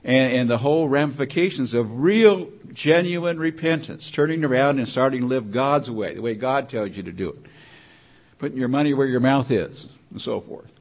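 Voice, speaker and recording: Older male preacher, mid pitch, loose rambling sermon delivery with restarts. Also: moderate pace. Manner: rambling, repetitive, conversational preaching with frequent restarts.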